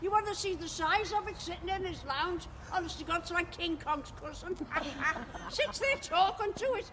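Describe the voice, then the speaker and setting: A woman plays a cheeky older woman, gossiping and laughing bawdily in a high voice. Background noise is clearly audible in the outdoor recording. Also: lively intonation, normal speed. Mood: gossipy.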